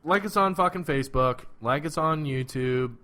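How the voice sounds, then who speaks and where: A man's voice: on the high side, moderate pace, pushed and bright, a little hiss or hum. Profane laid-back male podcast co-host. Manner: loose, profane, laughing banter. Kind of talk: casual TV recap chat.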